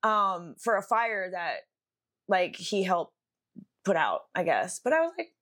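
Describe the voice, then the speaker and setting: This young female podcast co-host has a lowish, slightly bright voice with big pitch swings, speaking a little slowly. She tells a meandering, casual story thick with fillers and swearing.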